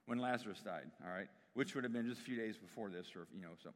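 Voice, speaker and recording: Talking fast in a voice on the low side, a pastor gives a conversational sermon and frequently questions his congregation. The sound has a long hall reverb.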